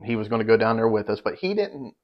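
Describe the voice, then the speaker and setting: A man's voice: on the low side, sing-song, fast talker. A man co-hosting a podcast, telling a long hunting story in a casual, rambling, profane way and getting worked up when he quotes others. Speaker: podcast co-host. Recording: dull lo-fi podcast audio.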